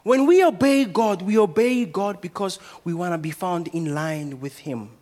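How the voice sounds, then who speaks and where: A man's voice: high-pitched, expressive, normal speed, darkish tone. A man, a pastor, preaching a sermon and asking the congregation rhetorical questions.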